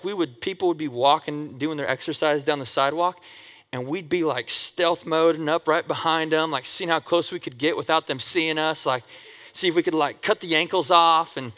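Bright-voiced man telling lively stories. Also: on the high side. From Oregon. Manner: lively, with sound effects and acted quotes. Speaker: speaker telling childhood stories. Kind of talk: animated personal storytelling. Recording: long echoey hall reverb.

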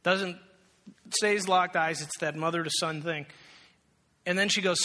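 Male pastor, fairly high bright voice, storytelling sermon, reverberant church. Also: measured pace, pauses often. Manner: animated storytelling, acting out characters, then hushed and prayerful.

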